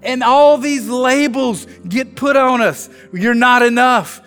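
High-pitched man preaching in a big echoey hall with faint music, funny and self-mocking. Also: takes it slowly. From South Louisiana. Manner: animated storytelling, self-mocking humor. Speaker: pastor. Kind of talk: sermon.

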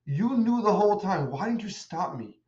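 A man voicing a desperate smuggler yelling reproaches. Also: high voice, sing-song, normal speed, pitched above the performer's own voice. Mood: anguished, accusing. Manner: shouting reproachful questions. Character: desperate arrested male smuggler, pleading and accusing. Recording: echoey room, dull lo-fi sound.

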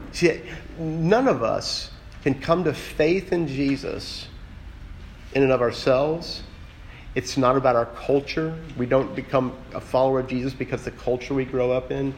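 Male pastor with a mid-pitched voice, casual sermon delivery, earnest and direct. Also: steady tone, a little slow, a little hiss or hum, rough recording. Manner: earnest, direct, asks the listeners questions. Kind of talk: conversational sermon.

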